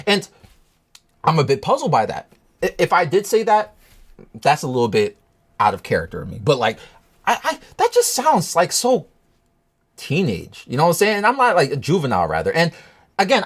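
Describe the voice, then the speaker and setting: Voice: mid-range voice, wildly swooping pitch, a little fast, pauses often, husky. A vlogger ranting through a breakup story in a rambling, profane way, often checking in with the listener. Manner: rambling, profane, keeps asking "you know what I'm saying". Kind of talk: storytime rant to camera.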